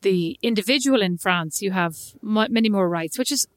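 A woman co-hosts a podcast in a casual chat, telling a story and acting out the people she quotes. Her voice is medium-pitched at a moderate pace, with clean studio sound and no echo.

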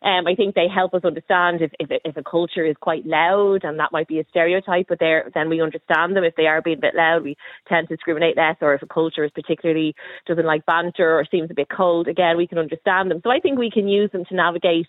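A woman's voice: fairly low pitch, fairly even intonation, fast talker, no room sound. An Irish woman calling in to a radio show, giving her opinion with confidence. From Ireland. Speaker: radio caller. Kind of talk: casual phone-in chat. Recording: dry tinny phone line.

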